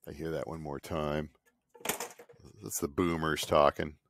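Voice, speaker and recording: Cranky low-voiced man in his fifties. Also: level tone, measured pace, vocal fry, a bit bright, a little hiss or hum. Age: 50s. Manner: cranky, sarcastic, mocking others in put-on voices. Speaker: artist vlogger. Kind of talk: casual rambling monologue. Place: home studio.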